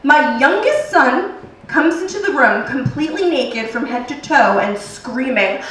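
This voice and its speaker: A woman in her thirties performing a stand-up comedy set, telling a profane story with animated acted-out quotes. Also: high-pitched, unhurried, slight background noise. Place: comedy theater stage. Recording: echoey club heard from a distance. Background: audience laughter.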